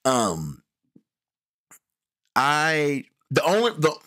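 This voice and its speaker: A man's voice: on the high side, drawn-out words. Rambling man chatting about a movie. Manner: rambling, frequent restarts and fillers, animated when excited. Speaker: podcast host reviewing a movie. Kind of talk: casual movie review chat.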